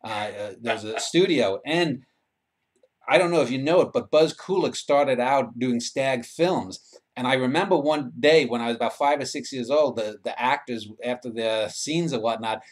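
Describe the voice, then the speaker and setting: A man's voice: mid-range voice, normal speed. A man in his fifties from New York who hosts an interview series, rambling through side stories with many restarts over a video call. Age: 50s. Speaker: interviewer and host. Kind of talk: casual interview talk.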